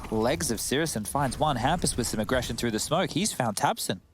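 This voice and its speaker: A man giving steady, analytical commentary on a competitive shooter match. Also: medium pitch, fairly quick, noisy background. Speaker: esports caster. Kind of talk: play-by-play commentary.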